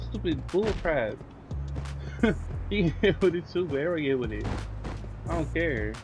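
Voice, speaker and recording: A man giving excitable, trash-talking commentary while playing a wrestling video game, yelling at his opponents. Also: fairly high pitch, normal speed, long pauses, over music. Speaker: gaming YouTuber. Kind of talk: let's-play commentary.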